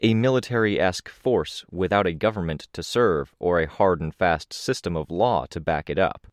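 A man narrating a first-person audiobook in a measured, even storytelling manner. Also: sits low, no room sound, studio quality.

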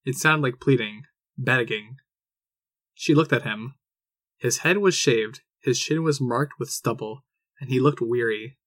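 A man narrating a fan audiobook in a measured storytelling manner. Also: medium pitch, a bit bright, no room sound.

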